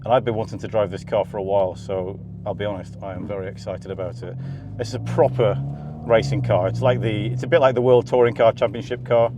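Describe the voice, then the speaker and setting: A man presenting a car video, giving excited, chatty commentary from inside a car on a race circuit and often laughing. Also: on the low side, quick pace, lo-fi sound. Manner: enthusiastic, chatty, breaks into laughter. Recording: loud engine and road noise. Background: car engine and track noise.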